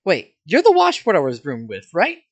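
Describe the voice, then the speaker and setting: A man voicing a brash young woman student with a drill-sergeant temper, loud and commanding. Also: fairly high pitch, wildly swooping pitch, normal speed. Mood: taunting. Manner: loud, commanding, yells a lot. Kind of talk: fan role-play voice acting.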